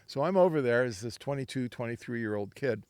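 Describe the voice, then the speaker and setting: A man's voice: mid-range voice, expressive, brisk, darkish tone, no room sound. Older man telling long anecdotes. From Southern California. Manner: rambling, anecdotal, acts out quoted voices. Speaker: winery founder. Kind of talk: storytelling interview.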